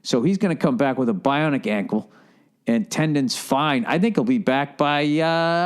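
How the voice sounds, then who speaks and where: A man's voice: mid-range voice, normal speed, clear, resonant tone. A man hosting a solo podcast in a rambling, profane monologue with sarcastic asides. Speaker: podcast host.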